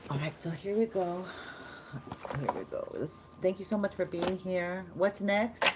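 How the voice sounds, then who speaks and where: A woman's voice: fairly low pitch, unhurried, heavy background noise. A woman giving a chatty, meandering live tarot reading, easily delighted and talking straight to her viewers. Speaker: tarot reader.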